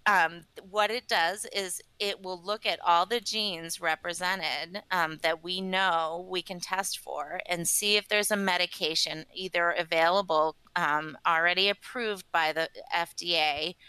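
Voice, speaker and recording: A woman's voice: fairly low pitch, steady tone, unhurried, few pauses, sharp tone, smooth, no room sound, low-quality recording. A woman who works as a scientist and advocate, explaining earnestly in a podcast interview with frequent ums. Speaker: patient advocate and company scientist.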